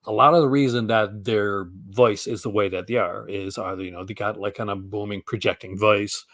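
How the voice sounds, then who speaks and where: A man's voice: fairly low pitch, steady tone, a little fast, a bit bright, no room sound, clean studio sound. A man with a Canadian accent, hosting a casual chat and rambling with frequent restarts. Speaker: host.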